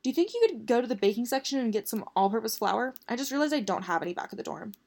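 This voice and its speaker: A woman's voice: fairly high pitch, sing-song, rapid-fire, darkish tone, pitched above the performer's own voice. A bubbly young woman at college, voiced by a woman reading aloud, upbeat and chatty in a storybook telling.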